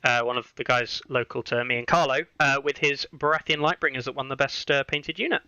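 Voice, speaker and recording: A man hosts a casual podcast chat, his voice bright and crisp. He rambles a little, with plenty of "um"s and restarts. The recording is dry and close, with no room sound. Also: mid-range voice, fairly even intonation, brisk, no room sound, dull audio. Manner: chatty, many fillers and restarts. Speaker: podcast host.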